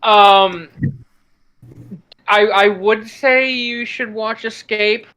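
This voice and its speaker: A man chatting casually on a group call about voicing characters, laughing between stories. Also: a crowd in the background. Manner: slow, lively pitch, laughs between stories. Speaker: voice actor and series creator.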